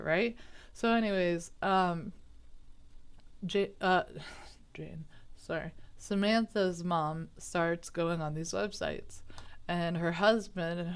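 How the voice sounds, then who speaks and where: In a fairly low, clean-toned voice, this woman chats her way through a true crime story, with digressions, self-corrections and bewildered, indignant comments.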